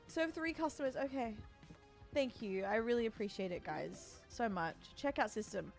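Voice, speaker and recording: A woman's voice: medium pitch, expressive, moderate pace, gravelly, a little mellow, soft background music. A woman streamer chatting casually and emotionally, giggling, swearing freely and thanking her donors. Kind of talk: casual live-stream chat.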